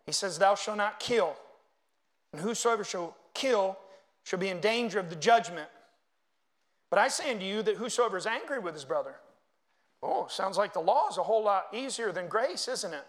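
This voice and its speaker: A man preaching a sermon, reading scripture aloud and making animated asides to the congregation. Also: sits high, moderate pace. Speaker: pastor.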